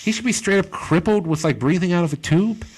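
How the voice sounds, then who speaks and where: Guy rambling thru a movie review on a podcast, kinda high voice, lots of likes and ums. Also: a little fast, slight background noise. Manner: rambling, filler-heavy, animated impressions. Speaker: podcast co-host, comedian. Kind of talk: casual chat, movie review.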